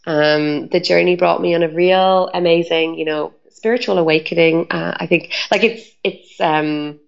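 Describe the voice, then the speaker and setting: A woman's voice: lowish voice, fairly even intonation, normal speed, vocal fry, highs cut off. A woman telling her story as an interview guest, chatty and full of "like" and "um" fillers. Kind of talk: casual storytelling.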